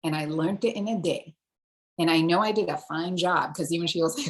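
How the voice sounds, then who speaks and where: Low-voiced woman from Singapore. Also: brisk. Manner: animated storyteller, switches accents. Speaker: actor, interview guest. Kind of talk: casual interview chat.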